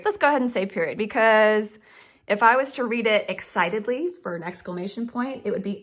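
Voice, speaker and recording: A woman's voice: mid-range voice, fairly quick. A woman teaching young children to write sentences, patient and sing-song, calling them friends. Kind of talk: children's writing lesson.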